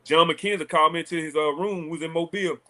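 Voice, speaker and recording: A man, a former college quarterback telling animated, laughing stories as a talk show guest. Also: fairly high pitch, fast. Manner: animated, laughing storyteller acting out quotes. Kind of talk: casual storytelling on a talk show.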